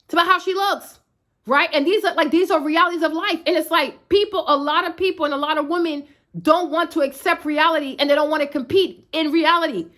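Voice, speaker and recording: A young woman with a high voice delivers a blunt, emphatic rant as a fitness influencer. She talks in a sassy, slangy way and keeps checking in with her listener. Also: steady tone, brisk, fairly bright tone. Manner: emphatic, repeats "right?" tags, slangy and sassy. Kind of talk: blunt direct-to-camera rant.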